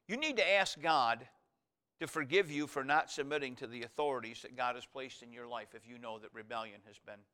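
A middle-aged male pastor preaching a sermon, pushing his voice up hard on key points and going soft and hushed when he prays. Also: clean tone. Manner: emphatic preaching that rises high and loud on key points; drops to a quiet, soft voice in prayer.

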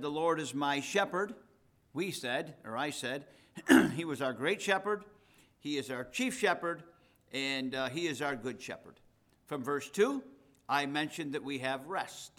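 A man's voice: medium pitch, a bit bright. A man, the pastor, preaching a sermon in a conversational way and reading scripture with rising emphasis.

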